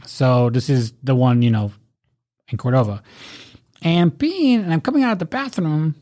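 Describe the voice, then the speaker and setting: A man telling wild nightlife stories to a friend in casual chat. He swears freely and acts out every line of dialogue. His pitch jumps around a great deal as he talks. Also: moderate pace. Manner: rowdy, profane, animated storytelling with acted-out quotes. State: drunk.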